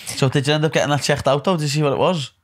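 A man's voice: on the high side, fairly even intonation, rapid-fire. A man with a Liverpool Scouse accent hosting a podcast, chatting casually in loose slang, rambling and playful. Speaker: podcast host. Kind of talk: casual chat.

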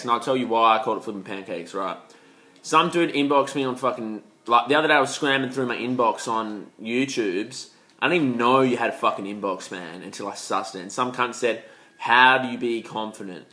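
A man's voice: mid-range voice, fairly quick, sharp tone. A young man, vlogging in a rambling, profane, slang-heavy way. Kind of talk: casual rambling vlog.

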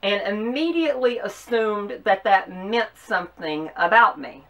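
A woman from the American South with a Southern accent, hosting an opinion commentary with earnest, emphatic delivery and measured pauses. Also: medium pitch, fairly bright tone, far from the mic. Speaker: host.

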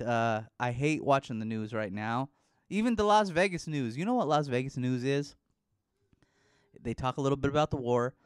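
A man's voice: medium pitch, smooth, dry recording, studio quality. Young male podcast host, profane sarcastic rambler, resonant tone. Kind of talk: casual solo podcast monologue.

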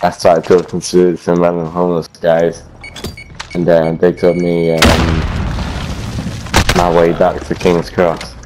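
A man's voice: low voice, completely flat delivery, slow pace, pauses often, very noisy. A man chatting crudely with friends during an online game. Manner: crude, laddish banter. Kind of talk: casual gaming chat.

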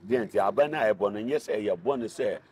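An older man from Ghana with a Ghanaian accent, a veteran cargo driver who is the guest in an interview, telling his stories in an animated way and repeating words for stress. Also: on the low side, quick pace, a little hiss or hum. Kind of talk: casual interview talk.

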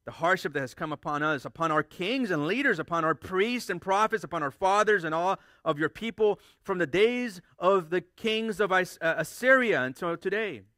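High, bright-voiced preaching man. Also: animated, moderate pace, few pauses, dry recording, studio quality. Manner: emphatic, repeats key phrases for stress; frequent restarts and repeated words. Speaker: pastor. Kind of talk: sermon.

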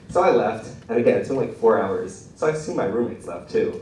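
A man's voice: medium pitch, very animated, fairly quick, a little mellow, slight background noise. Young man doing rambling stand-up. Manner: self-deprecating, rambling, laughs at own jokes. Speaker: stand-up comedian. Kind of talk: stand-up storytelling. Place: small room at an open mic. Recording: echoey room from a distant mic.

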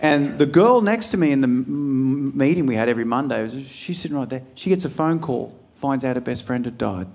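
An Australian man doing a stand-up set, telling stories in a loose, profane, animated way and acting out what people said. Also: mid-range voice, fairly quick, gravelly, hardly any pauses. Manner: profane, animated storytelling with acted-out quotes. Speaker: stand-up comedian. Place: comedy club stage before a live audience. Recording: live club crowd audible. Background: audience laughter.

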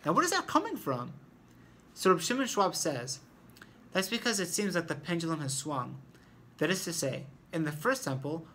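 A man's voice: a little high, pushed and bright. A man teaching an informal Torah lesson who explains step by step and thinks aloud as he talks.

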